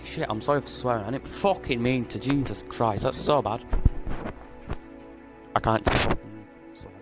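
A man talks his way through a video game in a loose, joking ramble and swears often. His voice has an ordinary, mid-range pitch, and game music plays clearly behind him. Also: normal speed. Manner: rambling, jokey, heavy swearing. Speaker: gaming YouTuber. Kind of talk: casual gameplay commentary.

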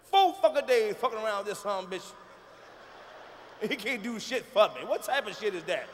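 Profane stand-up comedian on stage. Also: male voice, high voice, animated, normal speed, a little hiss or hum. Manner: profane, emphatic, conversational. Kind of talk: live stand-up routine. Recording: live stage show in a large hall. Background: audience laughter.

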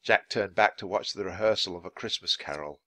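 A man reading a children's book aloud at natural speed for English learners, clear and expressive. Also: low voice, fairly quick, no room sound. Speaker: storybook reader.

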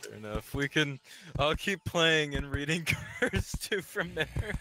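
A man's voice: a little high, soft background music. A man streaming a game, chatting casually, giggling often and slipping into impressions. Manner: giggly, lively, quick to do voices. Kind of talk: casual gaming chat.

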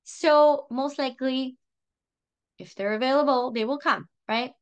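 High-voiced French-accented woman coaching. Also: a little slow, clear, resonant tone, muffled recording. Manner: lively, chatty, repeats herself. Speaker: sales trainer. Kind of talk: coaching talk with role-played examples.

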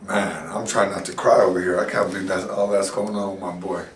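A man, the patient's father, chips in with short, casual comments. His voice is on the low side. He sounds distant from the mic in an echoey room. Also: fairly even intonation, a little fast. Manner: casual, brief replies.

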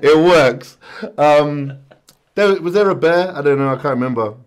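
A British man co-hosting a music reaction video, talking in excitable, slang-heavy banter. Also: on the high side, moderate pace, clean tone. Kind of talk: casual reaction chat.

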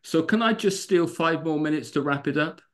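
A middle-aged man, a pastor, tells stories on a video call in a lively way, laughing often and acting out the people he talks about. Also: fairly high pitch, moderate pace. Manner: lively storyteller who laughs and acts out the people in his stories. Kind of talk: storytelling talk on a video call.

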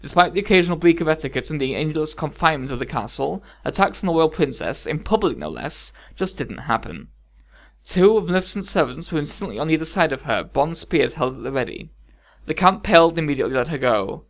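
A man narrating a fairy-tale story calmly with wry asides. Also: a little high, brisk. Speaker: audiobook narrator. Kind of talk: scripted narration.

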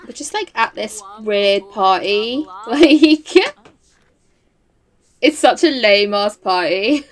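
A young woman giving chatty, excitable commentary while playing a life-sim game, full of slang. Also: medium pitch, slow. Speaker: game streamer. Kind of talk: casual gameplay commentary.

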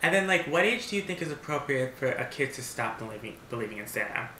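Casual vlogger, male, around 30, bright voice, rambling storyteller, echoey home recording. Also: mid-range voice, expressive, fast talker, slight background noise. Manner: rambling storyteller, many restarts and fillers. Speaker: mukbang vlogger. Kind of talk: casual chat. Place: home, seated eating at a table. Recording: roomy echo.

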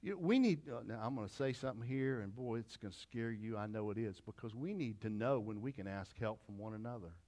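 A man's voice: on the low side, fairly quick, hardly any pauses, a little mellow. A middle-aged pastor preaching a conversational sermon with repeated phrases and asides to his congregation.

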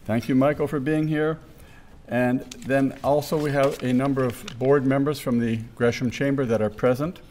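A man's voice: medium pitch, darkish tone, a little hiss or hum. Man welcoming a business forum. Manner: thanks sponsors and names guests, friendly and informal. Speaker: chamber of commerce event host. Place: meeting room.

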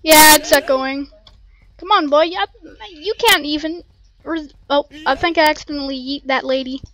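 A woman casually commentating her gameplay in an excitable, rambling way, full of playful slang, on a cheap home mic. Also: high voice, moderate pace. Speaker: gameplay streamer. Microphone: cheap desk mic.

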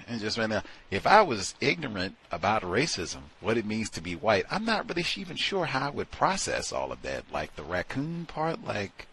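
A man's voice: sits low, sing-song, normal speed, bright, forceful tone, slight background noise. A man hosting a talk show, commenting in a rambling, emphatic way and repeating himself often. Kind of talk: casual commentary on a call-in show.

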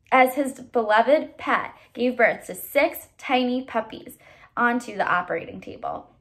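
A woman, a teacher, reads a novel aloud to a child, expressive with occasional stumbles. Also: on the high side.

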